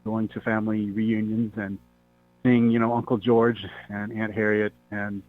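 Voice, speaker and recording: Male radio host, lowish voice, dry narrow sound, faint background music. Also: level tone. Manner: conversational, rambling, halting with fillers. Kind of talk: radio talk show. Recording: tinny phone-line sound.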